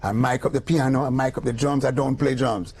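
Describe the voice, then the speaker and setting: Speaking briskly in a medium-pitched voice with a breathy edge, this older Jamaican man is a music producer sharing stories in a casual interview. His telling is lively, dipping into patois as he acts out whoever he's quoting.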